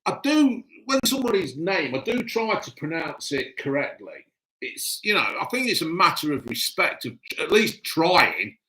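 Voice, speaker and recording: Man, livestream host, gruff and crude, lively up-and-down pitch, bright edge. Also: moderate pace, poor audio. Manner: blunt, gruff, cheerfully crude. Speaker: livestream host reading chat. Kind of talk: casual live chat, heavy swearing.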